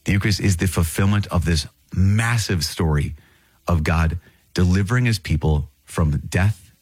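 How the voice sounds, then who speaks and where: A man hosting a podcast who teaches on scripture with earnest, animated storytelling and brief laughs. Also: low voice, moderate pace, slightly rough, no room sound, faint music behind. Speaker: priest, podcast host.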